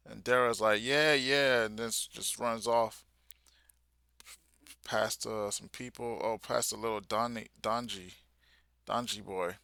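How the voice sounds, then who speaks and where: Low-voiced, slow-talking young man reacting to manga. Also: gravelly, no echo, clean studio sound. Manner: excited, slangy, talks along while reading. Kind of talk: live reading and reaction.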